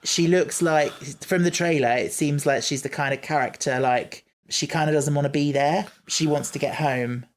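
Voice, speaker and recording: A man's voice: a little high, fairly even intonation, normal speed, few pauses. A man co-hosting a casual podcast, chatting enthusiastically and explaining things at length. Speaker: podcast co-host. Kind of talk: casual chat.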